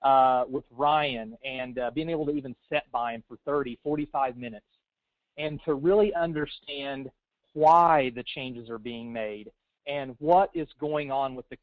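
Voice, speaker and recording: A man giving an earnest, reflective testimonial as a webinar guest, pausing often on fillers. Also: medium pitch, no echo. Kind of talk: personal testimonial. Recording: dry tinny phone line.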